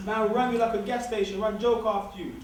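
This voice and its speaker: A man's voice: high voice, fairly even intonation, a little fast, a little hiss or hum. A man giving an informal, joking talk to a student society, repeating his points for emphasis. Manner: streetwise, joking, emphatic repetition. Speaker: guest speaker. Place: large lecture hall. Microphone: far room recording. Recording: distant echoey hall recording.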